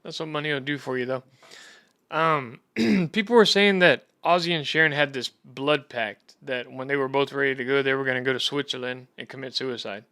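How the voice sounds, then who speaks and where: A man's voice: medium pitch, normal speed, pushed and bright, smooth, dry recording, studio quality. Casual profane Texan male podcast host. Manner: rambling, loose and profane. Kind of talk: casual chat.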